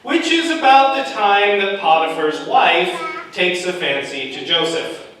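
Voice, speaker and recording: A man preaching a sermon, telling a Bible story in a casual, joking way with quick asides. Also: high voice, fairly bright tone. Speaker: pastor. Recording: echoey room, far from the mic, noisy.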